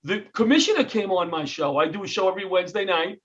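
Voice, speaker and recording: A New York man with a high, light voice, spinning an animated story and acting out what everyone said. The sound is dull and muffled, like a call recorded on a laptop. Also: quick pace. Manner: animated storyteller, acts out quotes, self-interrupting. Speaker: comedian and retired firefighter. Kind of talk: interview storytelling.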